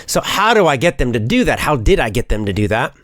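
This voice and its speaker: A middle-aged man, a teacher and public speaker, talking in a casual, animated way with many fillers and restarts. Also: mid-range voice, quick pace, dry recording. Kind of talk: casual spoken monologue.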